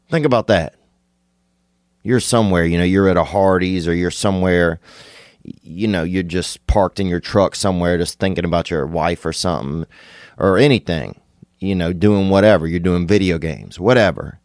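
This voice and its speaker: A man, hosting a podcast and rambling through an absurd comic monologue, laid-back with sudden excited bursts. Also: low-pitched, normal speed, no room sound, studio quality. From Louisiana. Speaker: podcast host.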